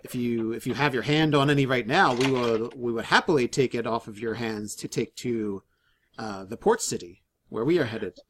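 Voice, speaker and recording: Male game master, mid-pitched, halting delivery full of fillers, narrating a tabletop session. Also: a little hiss or hum. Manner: halting, many fillers and restarts.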